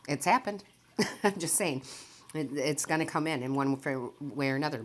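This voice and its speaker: A woman with a strikingly deep, low-pitched voice talks her viewers through a tarot reading. She is chatty and enthusiastic, rambles off on tangents and laughs often. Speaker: tarot reader and medium. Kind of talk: casual tarot reading to camera.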